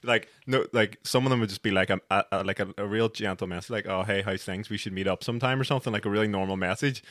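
A man's voice: lowish voice, fast, a bit bright, no echo, clean studio sound. A man with a Northern Irish accent, rambling and laughing often as a podcast host in casual chat.

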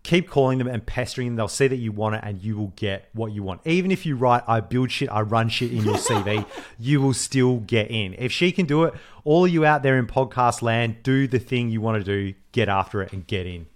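A man, co-hosting a podcast and telling a story in casual chat, animated, swearing freely and acting out the voices he quotes. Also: medium pitch, fairly quick. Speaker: podcast co-host.

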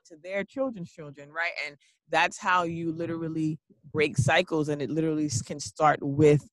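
Man hosting, high voice, animated, dry close sound. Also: moderate pace, no room sound. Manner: animated, laughing, repeats "literally". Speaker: podcast host. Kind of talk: casual conversation recap.

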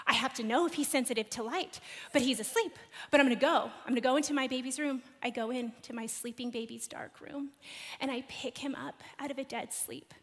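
A woman in her thirties preaching a sermon, telling a personal story and asking the congregation questions with animated delivery. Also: high voice, moderate pace. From United States. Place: large church hall. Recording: long hall reverb.

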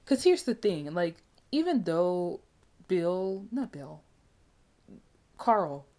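A woman giving a casual, animated movie review, chatty and emphatic with frequent asides. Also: fairly low pitch, slow.

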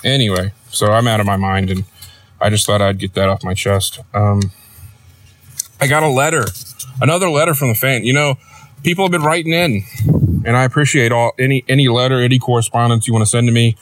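A man hosting a comedic podcast in a rambling, deadpan, sardonic monologue, recorded near a road. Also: mid-range voice, a little fast, dry recording. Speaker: podcast host. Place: outdoors near a road with passing trucks.

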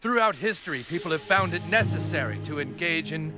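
A man's voice: fairly high pitch, expressive, brisk, close to an everyday voice. An actor playing a grave man solemnly explaining human sacrifice in a film clip. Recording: film clip over music.

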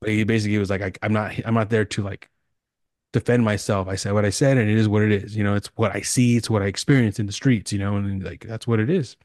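A low-pitched man chatting loosely on a podcast, spinning long stories in slangy, profane talk. His voice sits close and dry on the mic, with little room sound. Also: steady tone, fast, a little mellow, no echo. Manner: rambling storytelling, heavy slang and swearing. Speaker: podcast host. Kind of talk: casual chat.

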